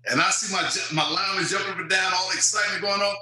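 A man's voice: sits high, racing, echoey room, rough recording. A man, telling stories as an interview guest and acting out quotes. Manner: animated storyteller, acts out quotes. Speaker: guest, former football player. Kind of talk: storytelling interview.

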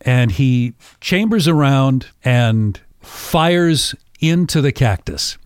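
A male podcast host telling a story casually, animated and often laughing. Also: mid-range voice, takes it slowly, smooth, no room sound, studio quality.

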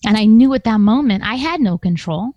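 An adult woman holding a master's degree relates a personal story to an audience in a fairly high, dark-toned voice with lively intonation and a brisk pace. Conversational and emphatic, she voices the people she quotes. The recording has no room sound and the highs are cut off.

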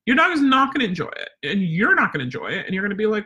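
A woman's voice: medium pitch, big pitch swings, rapid-fire, hardly any pauses, pushed and bright, lo-fi sound. A woman dog trainer teaching a casual live webinar, chatty and rambling with lots of fillers.

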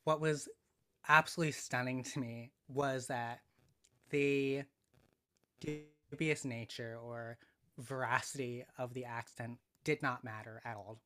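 Male podcast guest, bright and forceful, measured and reflective, many pauses. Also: mid-range voice, steady tone. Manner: thoughtful, measured, frequent ums and pauses. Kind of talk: casual conversational analysis.

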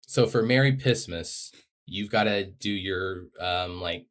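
A man's voice: low-pitched, slow. A man co-hosting a casual podcast, playful and joking. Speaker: podcast co-host. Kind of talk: casual chat.

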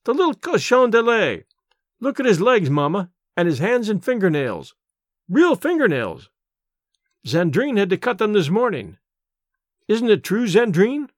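A tender, adoring young mother, put on by a male narrator chatters breathlessly about her newborn, her voice lifted high and swinging through wide, excited melody. The reading is close and dry, with no room around it. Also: moderate pace, dry recording. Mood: gushing. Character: young woman, gentle, adoring new mother.

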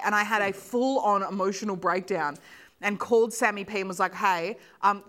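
Fast-talking lively woman. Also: medium pitch. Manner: animated storyteller, quick and expressive. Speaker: comedian panelist. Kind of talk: casual panel chat.

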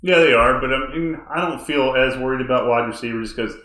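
A man's voice: medium pitch, fairly quick, fairly bright tone, roomy sound. A man co-hosting a casual sports podcast, talking bluntly and cursing freely. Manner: blunt, profane, agreeable.

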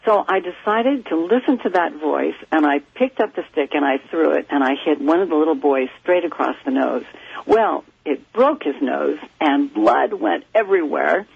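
Raspy, gravelly woman guest; animated storyteller, muffled phone line. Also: sits low, normal speed, no echo. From California, USA. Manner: animated, lively storyteller who acts out quoted voices. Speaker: psychic guest. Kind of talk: storytelling in a phone-in radio interview. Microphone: telephone.

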